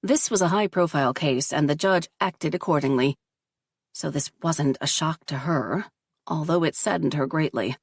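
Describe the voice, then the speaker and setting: A woman reading a story aloud in steady, measured audiobook narration. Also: low-pitched, breathy edge, no room sound, studio quality.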